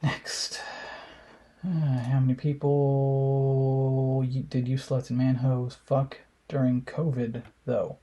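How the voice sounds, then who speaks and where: Profane, mocking young man with a mellow voice. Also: medium pitch, completely flat delivery, slow pace. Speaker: commentator reacting to memes. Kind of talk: casual commentary.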